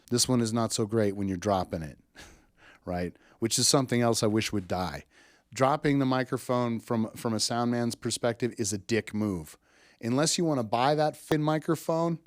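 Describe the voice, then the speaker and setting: A man's voice: medium pitch, no echo, studio quality. A man, an audio engineer, giving a casual spoken lesson on microphone technique in a blunt, emphatic way, swearing freely and often checking in with "right?". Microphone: studio microphone with tube preamp.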